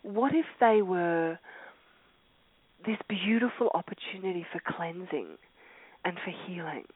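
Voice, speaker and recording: A woman coach leading a call, talking in a heartfelt, reflective way with many restarts and an occasional cleared throat. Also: on the low side, animated, unhurried, phone-quality sound. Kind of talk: earnest motivational talk.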